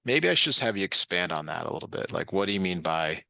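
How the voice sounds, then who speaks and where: A man's voice: deep voice, sing-song, fast, gravelly, pushed and bright, no room sound. A man tutoring a student online, patient and encouraging, with many fillers.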